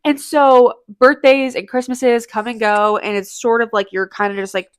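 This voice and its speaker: A woman co-hosts a casual podcast, chatty and profane, tossing out teasing asides. Her voice sits a little high for a woman. The recording is close and dry. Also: normal speed, smooth, dry recording. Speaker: podcast co-host. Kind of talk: casual chat.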